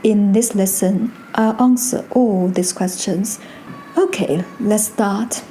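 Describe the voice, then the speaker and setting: A woman's voice: medium pitch, mellow, a little hiss or hum. A woman hosting her own lesson, explaining pronunciation in a careful, scripted way and drawing out example sounds. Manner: slow, careful delivery with drawn-out tone demonstrations. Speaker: Mandarin teacher and channel host.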